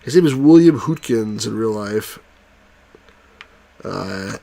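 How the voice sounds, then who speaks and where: A man's voice: medium pitch, a little slow, vocal fry, long pauses, slight background noise. A man giving casual, jokey commentary while playing an old computer game. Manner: excitable, jokey, does movie impressions. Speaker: let's play host.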